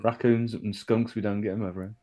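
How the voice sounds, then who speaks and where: A man's voice: on the low side, flat delivery, brisk, dark tone. A man co-hosting a casual chat show, telling stories in a rambling, hesitant way with casual swearing. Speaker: co-host.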